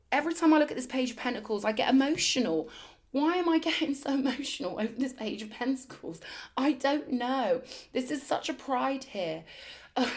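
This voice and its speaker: A woman doing a spiritual tarot reading, talking in emphatic, affirming bursts and repeating phrases for effect. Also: fairly high pitch. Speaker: tarot reader.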